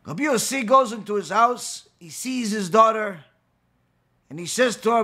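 A man's voice: high-pitched, animated, moderate pace, sharp tone. A man teaching a Torah class, retelling Talmud stories dramatically and acting out the characters' lines.

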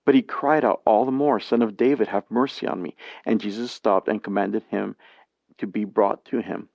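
A man teaching a Bible study lesson, reading scripture passages aloud and explaining them in a plain, measured way. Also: lowish voice, steady tone, gravelly, a little mellow, no echo. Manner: plain, measured reading with brief spoken asides. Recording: dry, dull lo-fi sound.

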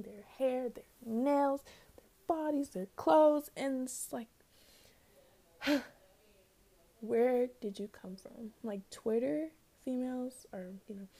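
Young woman, podcast host, casual rambling chat, slangy, mellow warm voice. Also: mid-range voice. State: out of breath.

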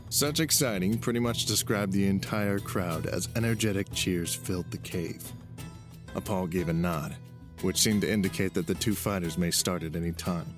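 A man with a very deep voice narrates a novel chapter in a steady storytelling manner. Clear music plays underneath him. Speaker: audiobook narrator. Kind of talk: scripted narration.

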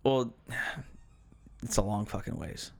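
A man's voice: fairly low pitch, lively intonation, slow, vocal fry. A young American man co-hosting a podcast in casual chat, rambling and profane, with many hesitant fillers. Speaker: podcast co-host.

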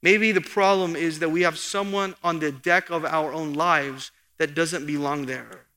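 A man's voice: sits high, bright, forceful tone. A man preaching an expository sermon as pastor, earnest and rising for emphasis. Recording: long hall reverb.

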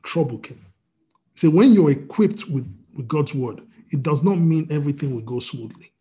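Male pastor, dark husky tone, preaching over a video call. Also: on the high side, animated, moderate pace. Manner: reads scripture aloud, then preaches with restarts and "you know".

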